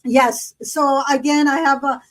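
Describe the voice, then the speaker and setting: A woman chats casually as a podcast co-host, spinning long stories full of fillers. Her voice sits high. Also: level tone, measured pace, rough recording. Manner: chatty storyteller, lots of fillers. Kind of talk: casual chat.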